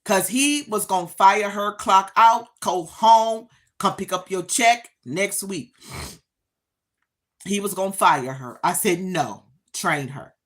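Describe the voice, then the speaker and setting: Slow, bright-voiced woman telling a story. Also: medium pitch, animated. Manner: emphatic, drawn-out phrases, talks straight to viewers. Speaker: live stream host. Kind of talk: casual storytelling to viewers.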